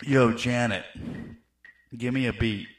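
A man's voice: mid-range voice, fairly even intonation, takes it slowly. A man rapping playful, rambling rhymes and chatting on a hot mic during an online jam session. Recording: live mic over loud band with drums. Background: jam band playing, drums.

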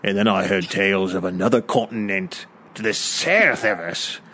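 A man voicing a folksy, rambling seafaring traveler who spins tall tales in rough, ungrammatical talk. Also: sits low, moderate pace, pushed and bright, slight background noise, voice pushed down.

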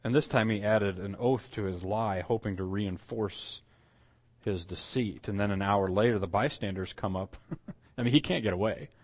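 A man's voice: lowish voice, normal speed. A man preaching a sermon as pastor, telling the story with acted quotes, asides and frequent fillers.

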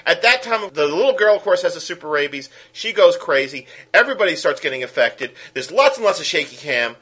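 Animated ranting man with a Brooklyn accent. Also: fairly high pitch, fairly quick, husky. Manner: animated, ranting, acts out film characters in quotes. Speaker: podcast co-host. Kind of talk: casual film review chat.

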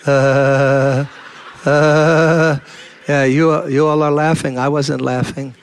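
Gravelly older preacher telling a fervent story. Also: male voice, mid-range voice, unhurried. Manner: animated storyteller acting out dialogue, rising to fervent intensity. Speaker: pastor. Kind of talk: storytelling sermon.

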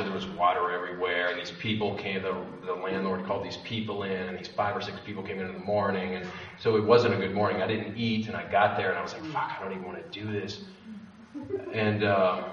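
A young man with a fairly low voice tells a candid, rambling story to a live audience, swearing freely and cutting himself off mid-sentence. He sounds far from the mic in a roomy space. The lo-fi recording has faint background noise. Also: fairly bright tone. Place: event room with an audience.

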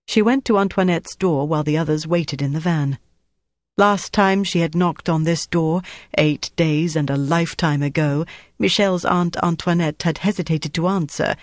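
An audiobook narrator reading a novel in a steady, even storytelling voice. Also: medium pitch, no echo, studio quality. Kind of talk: scripted narration.

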